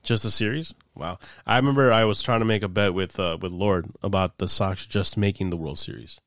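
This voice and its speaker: A man co-hosting a casual sports chat, relaxed and conversational. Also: lowish voice, fairly quick, no echo, studio quality. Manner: relaxed, conversational, talks betting. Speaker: podcast co-host.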